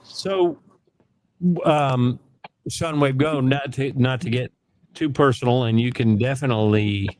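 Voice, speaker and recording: A man's voice: medium pitch, unhurried, darkish tone, slight background noise. A middle-aged man hosting a live online hangout, talking in a rambling, joking way with lots of ums, over a video call. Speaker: live stream host. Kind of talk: casual chat.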